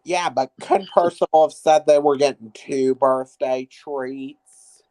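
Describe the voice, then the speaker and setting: A man's voice: medium pitch, fairly even intonation, takes it slowly, a little mellow, low-quality recording. A man in casual reaction chat about a show, ranting in exasperation. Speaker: co-viewer.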